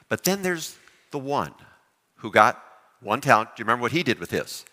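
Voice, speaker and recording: A man preaching a sermon, lively and animated, often putting questions to his congregation. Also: medium pitch, brisk, pauses often, in a large hall. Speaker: pastor.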